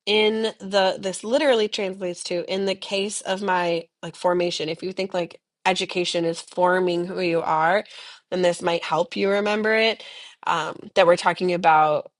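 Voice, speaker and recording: A young woman teaching a French lesson, explaining patiently in English and modeling phrases slowly and clearly for students to repeat. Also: fairly low pitch, steady tone. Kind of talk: recorded language lesson, repeat-after-me drills.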